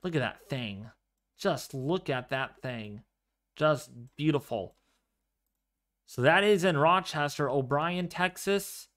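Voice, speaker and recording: A man hosting a live severe weather stream, commenting excitedly on radar and storms and repeating his phrases. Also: a little high, slow. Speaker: livestream weather host.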